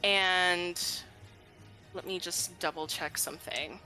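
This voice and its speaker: A woman's voice: fairly low pitch, fairly even intonation, takes it slowly, pushed and bright, faint music behind. A woman playing a tabletop game, chatting casually as she counts damage and checks rules. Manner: casual, laughing. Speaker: player.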